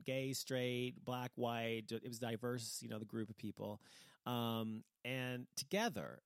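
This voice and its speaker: A vlogger who lives in Dallas, Texas, gives a casual opinion monologue in a mid-range voice, recorded dry. He rambles and gets heated, swearing freely and restarting his sentences often.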